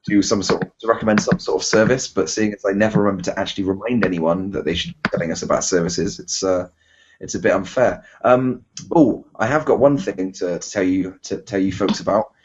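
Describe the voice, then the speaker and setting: A man's voice: low-pitched, fairly quick, lo-fi sound, background noise. A man with a Bristol English accent, hosting a casual podcast chat, rambling and self-deprecating with lots of fillers and restarts. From England. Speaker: podcast host.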